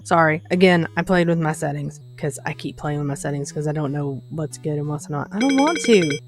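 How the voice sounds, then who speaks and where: A woman's voice: low voice, a little fast. A woman hosting a gaming video, reacting in a chatty way with many fillers. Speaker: gaming channel host. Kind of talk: casual game commentary. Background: game music.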